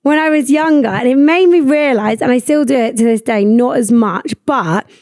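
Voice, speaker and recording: Chatty woman, high, dry sound. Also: moderate pace, no echo. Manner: rambling, animated, swears freely. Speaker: podcast host. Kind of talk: casual chat.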